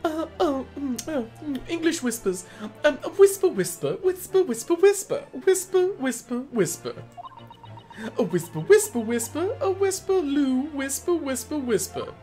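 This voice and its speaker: A man doing a high whispering Englishwoman, whispered role-play. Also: big pitch swings, a little slow, warm tone, soft background music, full character voice. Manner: mock whispering gibberish. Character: young Englishwoman who only whispers.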